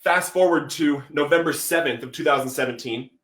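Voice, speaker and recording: Animated man telling a story, roomy sound. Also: a little high, a little fast. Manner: animated, acts out quotes, says "bro" often. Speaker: podcast guest. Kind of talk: storytelling testimony.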